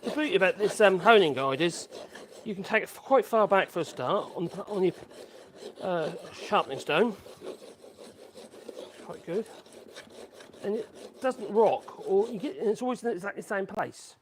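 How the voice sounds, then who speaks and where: Chatty man with a lively voice. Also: high voice, moderate pace, pauses often, slight background noise. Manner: chatty, thinks aloud and hums tunelessly to himself. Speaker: woodworking livestream host. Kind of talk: casual live-stream chat while working.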